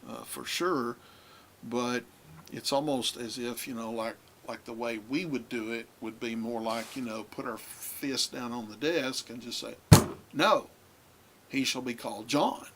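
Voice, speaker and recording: Slow, halting male lecturer. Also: mid-range voice, steady tone, a bit bright, slight background noise. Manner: halting, many filler pauses. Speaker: Bible translation teacher. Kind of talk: recorded lecture on translation.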